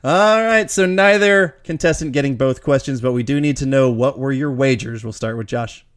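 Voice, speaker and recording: A man's voice: medium pitch, moderate pace. An upbeat man hosting a casual trivia game show, laughing easily.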